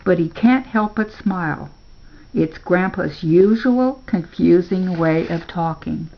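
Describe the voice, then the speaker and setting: Older lady reading a kids story, slow and gravelly, muffled lo-fi sound. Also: lowish voice. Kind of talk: reading a children's story aloud.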